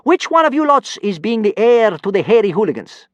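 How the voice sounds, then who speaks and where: A man's voice: high voice, very animated, fairly quick, no room sound, highs cut off, voice pushed up. A man doing a brutish kidnapper with broken speech. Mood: threatening. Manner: mangled grammar, threatening.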